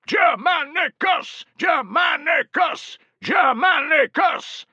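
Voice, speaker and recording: A man voicing a gruff, hardened Roman centurion who bellows to his troops, in an audiobook. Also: high-pitched, normal speed, pushed and bright, dry recording, dull audio, voice pushed up. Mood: roaring. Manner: bellowing orders, growling curses.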